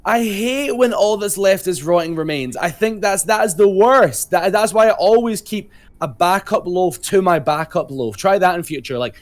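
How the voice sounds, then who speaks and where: A man's voice: sits high, normal speed. A man playing a tabletop role-playing game, speaking in character in a gushing, flustered and eager way. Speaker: player.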